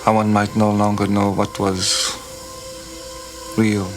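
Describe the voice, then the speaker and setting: An actor playing a brooding French anthropologist, speaking slowly and dramatically with a French accent. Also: male voice, fairly low pitch, completely flat delivery. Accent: put-on French. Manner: slow, hushed, dramatic delivery. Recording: film clip with music, distant.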